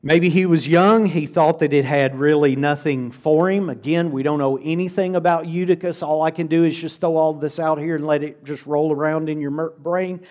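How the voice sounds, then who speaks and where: A man's voice: fairly high pitch, fairly even intonation, normal speed, hardly any pauses, a little mellow. A middle-aged man preaching a conversational, earnest sermon to a church congregation, often repeating words for emphasis.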